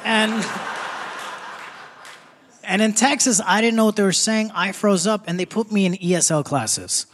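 With a long reverb tail and theater crowd noise in the background, a young man's high-pitched voice carries a stand-up set at a measured pace, pausing often. He keeps it punchy and conversational before the live audience, laughing as he delivers his jokes.

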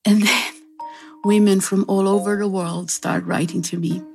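A woman's voice: medium pitch, normal speed, gravelly, over music. A woman, a radio interview guest, telling stories. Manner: emotional, animated storytelling.

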